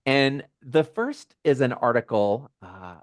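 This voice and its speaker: A man hosting a community video call, talking in a gentle, musing way with small laughs and restarts. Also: medium pitch, animated, slow pace, no room sound. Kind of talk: reflective casual talk.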